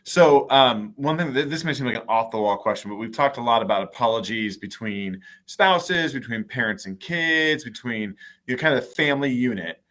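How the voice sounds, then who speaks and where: A man's voice: mid-range voice, lively intonation, moderate pace, hardly any pauses, a bit bright. A man co-hosting a live talk, thinking aloud and asking questions with some hesitation. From United States. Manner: thoughtful, asks questions with hesitations. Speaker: mayor co-hosting a talk show.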